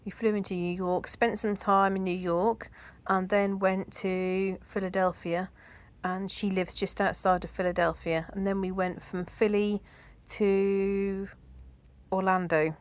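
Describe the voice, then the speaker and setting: A woman's voice: medium pitch, flat delivery, unhurried. A middle-aged woman chatting in a rambling way, with asides and laughter, as a decluttering vlogger. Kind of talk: casual chat.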